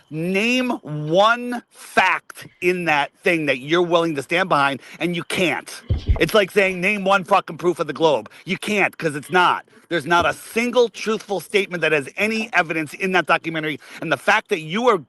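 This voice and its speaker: A man's voice: a little high, moderate pace, pushed and bright. Angry swearing man arguing. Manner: angry, swearing, repeats words when cut off. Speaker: guest. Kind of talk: heated argument.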